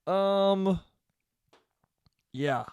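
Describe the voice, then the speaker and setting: A young man with a high voice speaks very slowly and smoothly, with no room sound, while hosting a casual solo podcast. He rants animatedly, swears, and mimics people in quoted asides, recording himself on camera in a small room.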